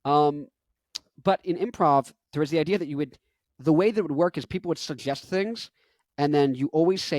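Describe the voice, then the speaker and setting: A musician and vlogger in his twenties chats casually and at length, rambling with lots of fillers and self-corrections. His voice sits on the high side, a little mellow and a little fast, in a dry recording.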